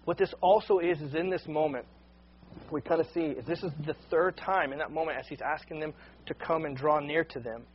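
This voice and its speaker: A man's voice: fairly high pitch, brisk, lo-fi sound, slight background noise. A man preaching a sermon, earnest and unscripted, often repeating words as he starts a sentence. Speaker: pastor.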